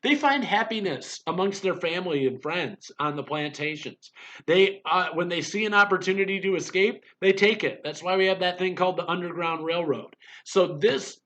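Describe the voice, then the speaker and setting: A man's voice: high voice, normal speed, a bit bright, muffled recording. A man giving a recorded history lecture in a conversational way, with fillers and restarts, sometimes acting out quoted voices. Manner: acts out quoted voices to make points. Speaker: history instructor.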